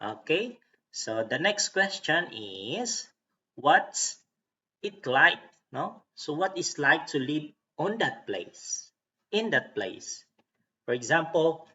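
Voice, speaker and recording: A patient male teacher walks learners through an English lesson at an unhurried pace. His pitch rises and falls a lot as he models the stress on each word. The recording is dull and lo-fi, as if he sits a little back from the mic. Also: very animated, sharp tone, recorded from a distance. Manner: patient, repeats words to model stress, tags lines with "okay?" and "no?". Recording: dull lo-fi sound from away from the mic.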